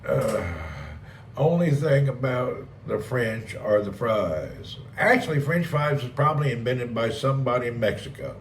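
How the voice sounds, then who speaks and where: A man's voice: medium pitch, unhurried, slight background noise. Rambling man chatting on a live stream. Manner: rambling, joking, reads chat aloud. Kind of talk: casual live-stream chat. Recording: roomy, distant mic with faint ambience.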